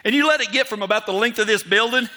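A man's voice: high-pitched, fast talker, bright, forceful tone. A man telling rambling, self-mocking stories to an audience. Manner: rambling and self-mocking, acts out his inner voice in quotes. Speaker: storyteller speaking to an audience. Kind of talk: casual storytelling.

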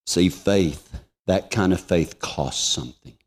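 A man preaching a sermon, telling a personal testimony with emotion, moving from hushed lines to soaring ones. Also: low-pitched, takes it slowly.

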